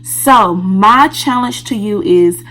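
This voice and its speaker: A woman's voice: mid-range voice, slow, pushed and bright, low-quality recording. Candid woman vlogger talking to camera. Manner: candid, talks straight to viewers. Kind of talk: casual storytelling to camera.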